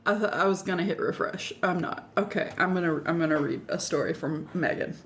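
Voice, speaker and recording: A woman's voice: fairly low pitch, brisk, slight background noise. A woman co-hosting a podcast in casual chat, often breaking into laughter. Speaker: podcast co-host.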